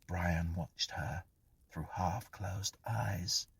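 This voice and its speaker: A man narrating a horror story in a hushed, breathy, half-whispered delivery. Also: low-pitched, unhurried, no room sound.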